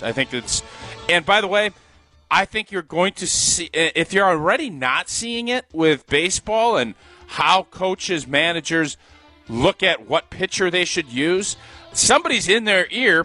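A man's voice: high voice, unhurried, faint music behind. A man, a former football player, co-hosting a sports radio show, speaking with opinion and frequent laughter. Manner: opinionated, laughs often, animated. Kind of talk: casual sports talk.

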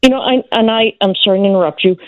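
A woman's voice: medium pitch, rapid-fire, no room sound. Hesitant woman caller on a dull line. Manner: hesitant, searching for words. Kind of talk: radio call-in question. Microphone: phone. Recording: dull dry phone audio.

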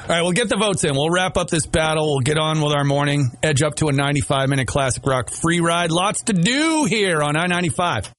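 A man's voice: on the high side, brisk, few pauses. A man from Maine hosting a morning radio show, joking through casual banter and laughing often in a radio studio. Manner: jokey, laughs often, animated retelling.

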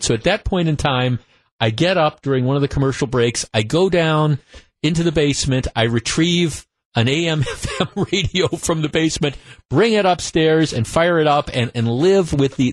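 A man hosting a call-in sports talk radio show, ranting in an animated, exasperated way with frequent stumbles and restarts, speaking into a studio microphone. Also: on the high side, no room sound.

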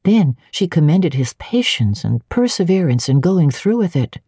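Woman reading a classic novel aloud, low voice, husky, first-person audiobook narration, expressive. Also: moderate pace, hardly any pauses, dry recording, studio quality. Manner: expressive, clearly paced reading.

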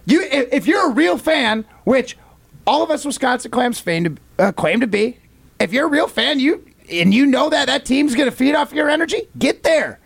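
High, gravelly-voiced man ranting. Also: animated, normal speed. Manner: emphatic, ranting. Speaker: co-host. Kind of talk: casual sports talk.

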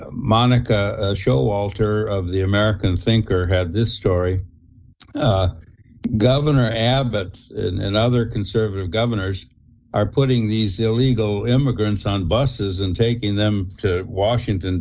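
A man giving opinionated commentary on a radio talk show, halting and full of fillers. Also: on the low side, darkish tone, lo-fi sound. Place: radio studio.

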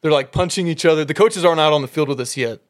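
A man telling animated football stories in casual chat, laughing often. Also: a little high, rapid-fire.

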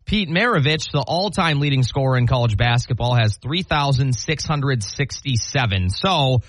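A man's voice: medium pitch, lively intonation, normal speed, dry recording. A man co-hosting a podcast in casual chat, chatty and thinking aloud with small restarts. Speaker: podcast co-host.

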